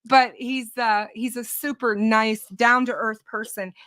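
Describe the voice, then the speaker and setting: A woman hosting a true crime show on a livestream, over a video call. Her voice sits rather high and sounds very bright and clear. She speaks gently to reassure, slowly and with pauses. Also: fairly even intonation. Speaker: true crime channel host. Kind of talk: casual livestream chat.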